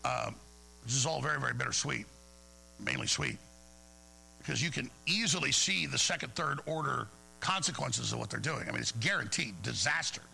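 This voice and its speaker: A man's voice: mid-range voice, animated, moderate pace, vocal fry, pushed and bright, slight background noise, rough recording. A man hosting a talk radio show, speaking in a heated, rambling monologue that stumbles over repeated words.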